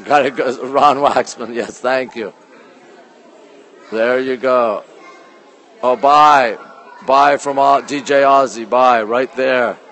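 A man hosting a casual live stream from a phone as he walks through an art museum, reading out artwork titles slowly and greeting viewers by name, sometimes dropping his voice low. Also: fairly even intonation, some chatter behind. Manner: talks low at times to keep quiet. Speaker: livestream host touring a museum. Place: indoor art museum gallery.

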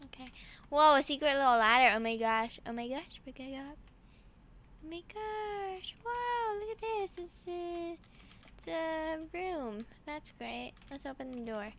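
A woman hosting casual gameplay commentary, excitable and full of exclamations as she talks to her viewers. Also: high-pitched, takes it slowly. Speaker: gaming channel host.

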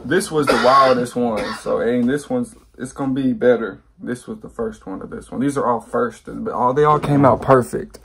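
A man vlogging casually, telling a story in an animated, slangy way and plugging his merch. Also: mid-range voice, moderate pace, vocal fry, few pauses, a little hiss or hum.

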